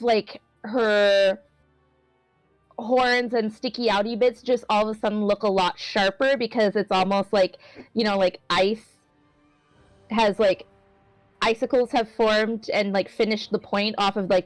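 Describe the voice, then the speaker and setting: A woman's voice: mid-range voice, no echo, rough recording. A woman playing a tabletop game, describing her character with lots of fillers and hedges. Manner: rambling with many fillers and hedges. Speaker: player.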